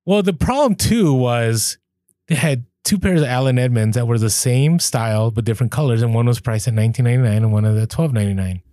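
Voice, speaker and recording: A brisk, medium-pitched man co-hosts a podcast, recorded dry. He chats casually and tells stories with animation, acting out the exchanges he quotes.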